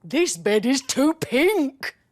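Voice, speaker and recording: A woman voicing a small, gentle, sleepy male bear in a storybook, drawing out his plaintive complaints. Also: high-pitched, very animated, takes it slowly, pitched above the performer's own voice, exaggerated voice. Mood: fussy.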